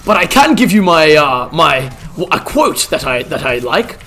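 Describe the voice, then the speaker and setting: A man plays a genteel, easily flustered old wizard in an in-character game stream. The voice sits high and bright, with a lively, swooping melody. He stammers through prim, old-fashioned phrases. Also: moderate pace, full character voice.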